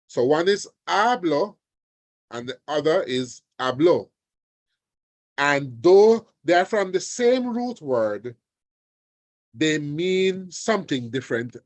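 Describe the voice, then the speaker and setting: A man teaching an online exam revision lesson, deliberate and often checking in with his students. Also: on the high side, no echo. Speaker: language teacher. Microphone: video call.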